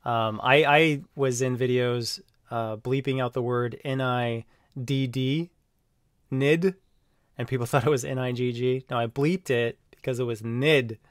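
A man's voice: medium pitch, steady tone, unhurried, smooth, no room sound, clean studio sound. A man in a casual monologue, rambling and defensive, with lots of fillers and self-justification. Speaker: online video creator being reviewed.

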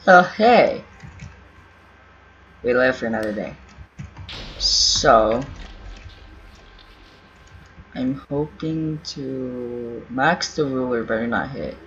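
A gaming YouTuber with a medium-pitched, slightly bright voice rambles casually over his own gameplay, talking to himself and pleading with and teasing other players. He speaks slowly with long pauses. The dull lo-fi recording carries faint game music, keyboard typing, and a little hiss or hum.

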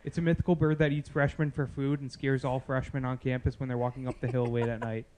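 A young man playing as a contestant on a student game show, cracking jokes in a deadpan way. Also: mid-range voice, fast talker, slight background noise. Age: young adult. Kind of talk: casual joking chat.

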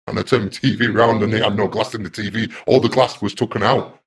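A man, a guest telling his own story in a rambling, repetitive way that turns loud and agitated. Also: on the low side, steady tone, fast talker. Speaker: interview guest. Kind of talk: casual first-person storytelling.

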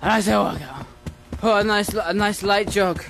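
A man's voice: high-pitched, normal speed, gravelly, very noisy. A man playing a horror game, screaming, swearing and begging for help as he goes. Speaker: gaming YouTuber. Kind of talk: panicked horror gameplay commentary.

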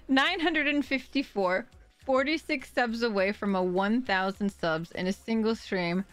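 A woman's voice: on the high side, measured pace, fairly bright tone, faint music behind. A woman streaming live, thanking viewers for gifted subs by name, emotional and laughing often. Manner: emotional and giggly, reading out names.

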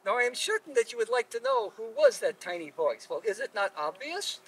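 Husky-voiced male storyteller. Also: very high-pitched. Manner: unhurried, relaxed telling with chuckles. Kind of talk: live oral storytelling. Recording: distant mic at live telling.

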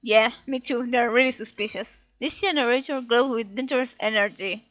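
A woman's voice: fairly high pitch, a little fast. Woman gamer narrating gameplay playfully. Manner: playful, giggly, reads game text in little voices. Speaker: let's play gamer. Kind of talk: casual gameplay commentary reading dialogue aloud. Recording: dull, dry home recording.

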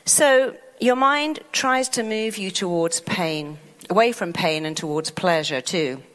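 A woman with a fairly low voice gives an animated motivational talk to an audience, slipping into little acted voices for the mind. Her voice trails off in the long reverb of a large hall. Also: unhurried. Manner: animated, acts out the mind's voice in quoted lines. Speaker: motivational speaker.

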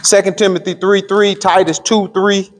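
A middle-aged pastor teaching a Bible study, asking the room questions and drawing out key words. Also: male voice, high-pitched, little pitch movement, a little hiss or hum. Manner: call-and-response questions to the room; drawls key words slowly. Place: church hall. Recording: long hall reverb.

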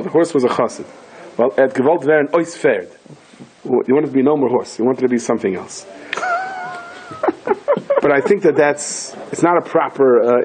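Husky rabbi telling stories, peppered. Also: male voice, low-quality recording. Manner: animated storyteller, acts out quoted voices with sudden high pitch jumps. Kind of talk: storytelling Torah lecture.

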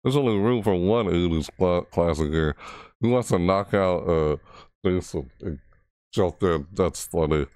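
Deep-voiced man rambling through a reaction. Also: a little slow, smooth, dry recording, clean studio sound. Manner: rambling, restarts often, excitable. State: voice cracking. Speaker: reaction video host. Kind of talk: casual rambling reaction commentary.

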